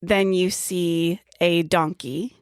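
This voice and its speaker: A woman's voice: fairly low pitch, fairly even intonation, slow, smooth, dry recording, studio quality. A woman narrating as game master of a tabletop game, describing scenes with easy laughter.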